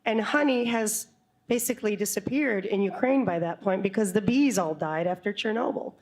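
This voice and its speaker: A woman telling a true story live on stage to an audience, animated and quick to laugh, with comic asides. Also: mid-range voice.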